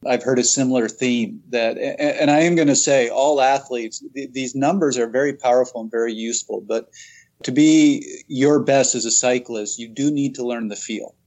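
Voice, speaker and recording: A podcast host reflects on what he has heard from guests, speaking at a measured, even pace. His voice sits in a middle pitch and sounds plain and conversational. Now and then he stammers a little at the start of a sentence. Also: low-quality recording. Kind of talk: casual interview talk.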